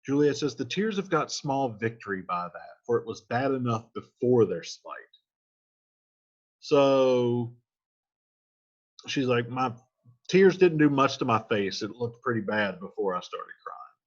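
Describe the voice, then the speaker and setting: A man's voice: medium pitch, expressive, unhurried, pauses often, muffled recording. A man reading lines from a play aloud and then restating each one in casual, slangy modern speech as a teacher. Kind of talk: casual line-by-line play explanation.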